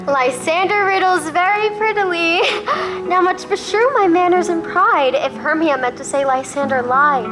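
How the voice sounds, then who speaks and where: A young woman playing a modest, gentle young maiden in a school stage play, speaking demurely in verse. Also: extremely high pitch, normal speed, loud music behind the voice. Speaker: student actor.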